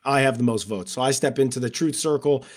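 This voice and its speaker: A man's voice: mid-range voice, quick pace. A man co-hosting a casual podcast chat, talking in long, rambling, heartfelt stretches full of fillers. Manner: rambling and emotional, many fillers. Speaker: podcast co-host and former contestant.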